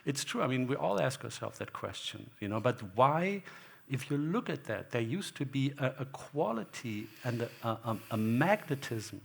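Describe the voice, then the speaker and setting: Gravelly-voiced man. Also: medium pitch, sing-song, normal speed, few pauses. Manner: rambling, anecdotal, acts out quoted exchanges. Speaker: guest photographer. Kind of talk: onstage talk. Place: gallery hall before an audience.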